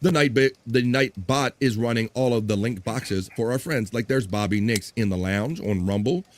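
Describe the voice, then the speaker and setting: A man's voice: medium pitch, normal speed, background noise. A man hosting a casual live stream, chatting, laughing often and reading viewers' comments aloud.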